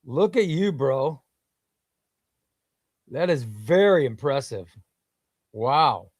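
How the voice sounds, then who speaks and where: A man's voice: mid-range voice, big pitch swings, slow, no echo, clean studio sound. A man hosting a casual comics livestream, reading viewer comments in an enthusiastic, rambling way.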